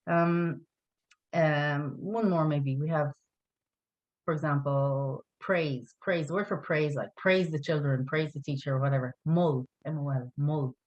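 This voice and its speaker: A woman's voice: low voice, steady tone, a little slow, a little mellow, highs cut off. A woman teaching an online language lesson, patient and encouraging, spelling words out letter by letter.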